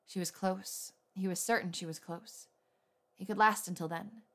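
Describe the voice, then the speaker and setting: A woman reader narrating a romance story in a steady, intimate way. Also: mid-range voice, moderate pace. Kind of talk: scripted fan fiction narration.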